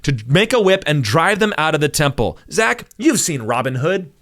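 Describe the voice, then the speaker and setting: Man, pastor-host, lively storyteller with a higher voice. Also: moderate pace. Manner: animated storyteller, acts out quotes in bursts. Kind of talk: casual podcast conversation.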